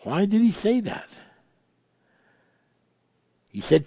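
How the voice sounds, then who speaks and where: A man preaching a sermon, moving between hushed, reverent asides and emphatic, raised passages as he quotes and explains scripture. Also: mid-range voice, expressive, a little slow, vocal fry, husky, dry recording.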